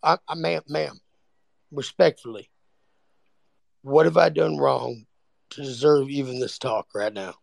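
A man in a heated online group argument, insistent and repetitive, talking over others with a gravelly voice. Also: mid-range voice, fairly even intonation, a little slow, pauses often, a little mellow, no echo. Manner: insistent, repeats words, talks over others.

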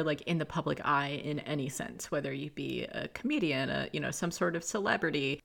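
A woman's voice: low voice, vocal fry, a bit bright. A young woman hosting a casual solo podcast, chatty and swearing often as she talks things through. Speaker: podcast host.

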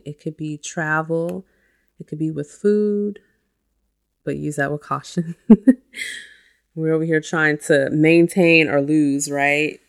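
A woman's voice: low voice, vocal fry. A woman and mother hosting a self-help podcast, talking casually and chatting with lots of "you know" and "like". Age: adult with a child. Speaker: podcast host.

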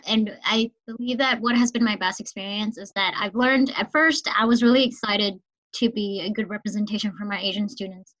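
A woman teacher from Minnesota telling an emotional story in a relaxed conversation. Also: mid-range voice, dull audio. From Minnesota, United States. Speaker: teacher, podcast guest. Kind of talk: casual conversation.

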